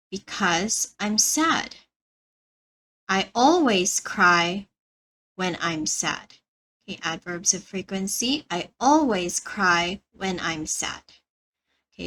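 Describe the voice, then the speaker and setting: Slow, bright-voiced woman teaching English. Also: mid-range voice, poor audio. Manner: slow, careful, repeats words for learners. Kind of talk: slow beginner English lesson.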